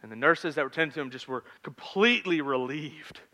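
A man in his thirties preaching a sermon in a conversational storytelling manner, swinging between loud and hushed. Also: on the high side, a little fast. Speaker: pastor.

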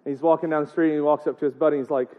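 This man's slightly high voice barely moves in pitch as he races through a casual sermon. He jokes, chats, and keeps asking the congregation rhetorical questions, all captured with tinny, phone-like sound.

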